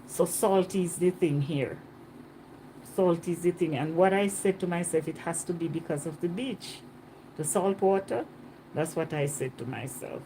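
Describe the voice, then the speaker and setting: Woman, travel vlogger, warm mellow voice, chatty and repetitive, phone mic outdoors. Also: fairly low pitch, moderate pace, a little hiss or hum. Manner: chatty, animated, repeats herself. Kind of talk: casual vlog chat. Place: outdoors on a Caribbean island.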